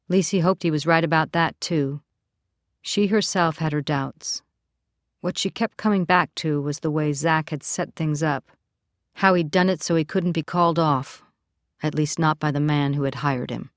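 A woman narrating a novel as an audiobook in a steady, even storytelling manner. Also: low-pitched, moderate pace, no room sound, clean studio sound. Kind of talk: scripted narration.

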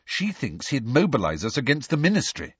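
A man voicing a brisk, bossy teenage schoolgirl. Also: medium pitch, wildly swooping pitch, breathy edge, no room sound, pitched above the performer's own voice. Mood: insistent. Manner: brisk, insistent, impatient. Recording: dry, slightly dull recording.

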